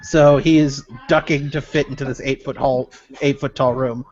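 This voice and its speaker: A man's voice: medium pitch, flat delivery, darkish tone, slight background noise. A man runs a tabletop game in a loose, offhand way, stopping and restarting his sentences. His voice sits in the middle range. The recording is a little dull and muffled. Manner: halting, casual, full of fillers. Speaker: game master. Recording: slightly muffled home recording.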